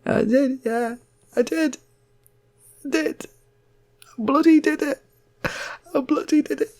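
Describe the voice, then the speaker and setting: A man's voice: extremely high pitch, takes it slowly, darkish tone, pitched above the performer's own voice. A man voicing an elated young man squealing over his own achievement. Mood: triumphant. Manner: squealing, triumphant repetition. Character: elated young man who set a record.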